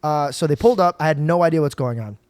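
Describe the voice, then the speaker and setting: A young man hosting a podcast, telling stories in a casual, animated way. He swears and acts out the people in his stories. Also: on the high side, fast talker, no room sound. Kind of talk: casual storytelling chat.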